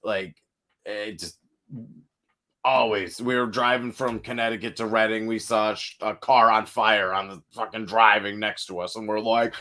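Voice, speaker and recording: A young man from the northeastern US, a metal band's singer, chatting casually on a podcast, rambling through road stories with swearing and sudden animated outbursts. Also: on the low side, moderate pace. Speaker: metal band vocalist, guest.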